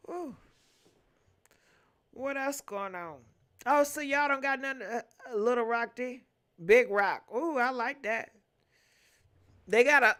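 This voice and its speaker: A young woman, chatting loosely on a gossip livestream. Her voice sits high and rings bright. She laughs a lot and hums between viewer comments. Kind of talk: casual livestream chat reading viewer comments.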